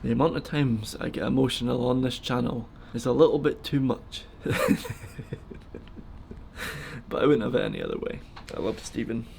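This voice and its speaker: Soft-spoken man, gravelly and teary. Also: medium pitch, big pitch swings, slight background noise. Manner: soft, emotional, halting with fillers. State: close to tears. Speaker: vlogger feeding a wild bird. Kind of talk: casual heartfelt vlog talk.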